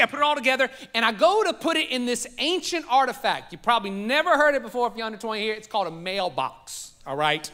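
A man's voice: very high-pitched, very animated, fast talker, hardly any pauses, sharp tone. A man with a Southern US accent, preaching a sermon to a congregation and telling a personal story with jokes for the crowd. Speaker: pastor. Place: church sanctuary.

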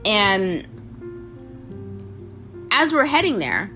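A woman's voice: medium pitch, extremely slow, faint music behind. A young woman casually telling a funny dating story, acting out the voices in the quotes. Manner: animated, acts out voices in quotes, frequent laughs.

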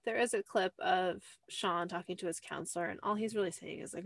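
Fairly low and steady with vocal fry, her voice moves fairly quickly on a dry recording. The podcast host, in a small cramped room at a close desk mic, recaps a show in rambling casual talk packed with "like" and apologetic asides.

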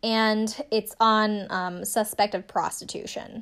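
A woman's voice: mid-range voice, fairly even intonation, takes it slowly, a bit bright, clear, resonant tone. Young woman host, loose recap chat, sarcastic asides, lots of filler "like". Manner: chatty, sarcastic, lots of "like" and laughs. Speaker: podcast host recapping a TV show.

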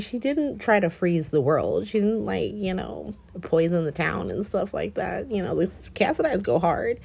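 A woman recapping soap opera episodes in a gossipy, animated chat, acting out the characters' lines. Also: fairly low pitch, vocal fry. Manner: gossipy, animated, quotes characters in mock voices, laughs often.

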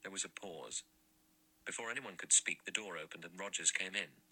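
A man reading a mystery audiobook in measured, even narration. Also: deep voice, slightly rough, rough recording. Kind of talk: scripted narration.

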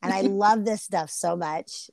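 A middle-aged woman co-hosting a casual podcast chat, rambling and animated as she tells stories. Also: mid-range voice, a little slow, creaky, a loud crowd. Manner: chatty, rambling, animated storyteller. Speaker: podcast co-host.

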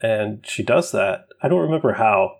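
A young man co-hosting a podcast in casual chat, laid-back and quick to laugh, sometimes losing his train of thought. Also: lowish voice, animated, husky. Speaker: podcast co-host. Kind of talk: casual chat recapping a film.

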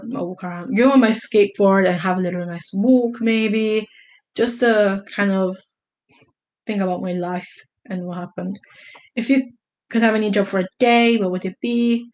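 A young Italian woman answers casual vlog questions, rambling and hesitant, with frequent fillers and self-corrections. Her voice is medium in pitch with a darkish tone.

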